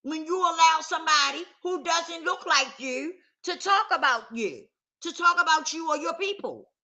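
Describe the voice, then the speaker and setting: Woman, high voice, casual vlog rant, emphatic, repetitive. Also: moderate pace, sharp tone. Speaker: vlogger. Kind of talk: casual direct-to-camera rant.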